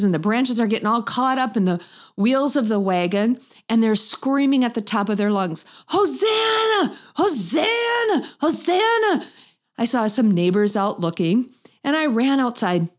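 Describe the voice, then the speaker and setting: A middle-aged woman, a mother, telling a humorous family story to an audience and acting out the voices she quotes. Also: moderate pace. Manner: animated, acts out quoted voices with big pitch jumps.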